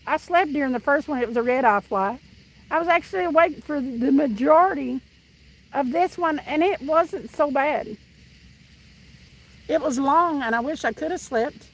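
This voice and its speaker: Here a livestream host from Tennessee, speaking with a Southern accent, talks casually with viewers and reads chat while fishing outside near the water. Her voice is high and a bit bright, at normal speed, with a laughing, chatty manner and frequent restarts. Audio quality is poor.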